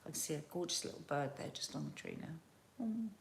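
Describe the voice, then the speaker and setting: Chatty South Londoner rambling on a live stream. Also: female voice, deep voice, brisk, creaky, a little hiss or hum. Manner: chatty, rambling, animated storytelling. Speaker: live show host. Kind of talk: casual live-stream chat.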